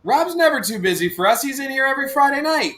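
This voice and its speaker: A man's voice: extremely high pitch, big pitch swings, quick pace, sharp tone. A man co-hosting a live stream, rambling in casual chat with lots of fillers. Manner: rambling, full of fillers and restarts, laughs easily.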